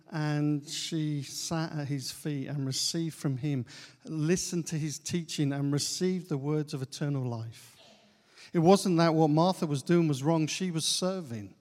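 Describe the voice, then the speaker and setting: A man preaching a sermon in a church, unhurried, pausing often with "uh" and repeating key phrases. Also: fairly high pitch, darkish tone. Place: church hall. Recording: long church-hall reverb.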